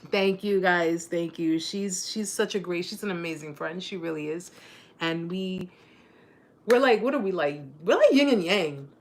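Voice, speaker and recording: A woman's voice: fairly low pitch, normal speed. Bubbly woman in her forties hosting. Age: 40s. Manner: bubbly, laughing, joking. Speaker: live chat host. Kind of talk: casual live-stream chat.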